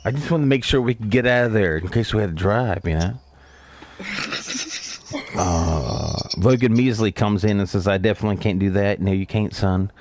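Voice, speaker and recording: A man's voice: lowish voice, animated, moderate pace, a little hiss or hum. A man hosting a casual podcast chat, telling stories with frequent swearing. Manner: profane, storytelling. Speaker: podcast host.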